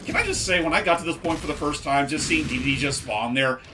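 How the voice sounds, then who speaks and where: A man hosting a casual game let's play, reacting excitably while he plays. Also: a little high, fast, over music. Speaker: let's play host and player. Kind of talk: casual group game commentary.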